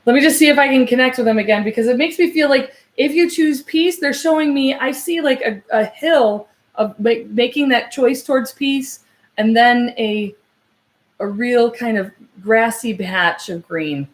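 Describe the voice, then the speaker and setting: A woman with a higher-leaning voice gives a live psychic reading as a medium. She stumbles and restarts, padding with fillers while she searches, and becomes quiet and unhurried when relaying messages.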